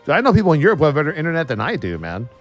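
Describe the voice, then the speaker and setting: A man's voice: on the high side, huge pitch swings, rapid-fire, soft background music. A man streaming live and riffing in a casual, profane and sarcastic way.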